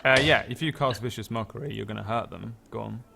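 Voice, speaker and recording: A man narrating as game master of a tabletop game, relaxed and full of fillers. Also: fairly low pitch, fast, creaky, faint music behind.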